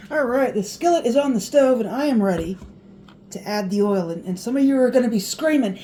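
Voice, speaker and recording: A woman's voice: fairly high pitch, lively intonation, fairly quick, dark tone, a little hiss or hum. A middle-aged woman chatting in a folksy way as she cooks in her home kitchen, with reminiscing asides. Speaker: home cooking vlogger. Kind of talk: casual cooking vlog.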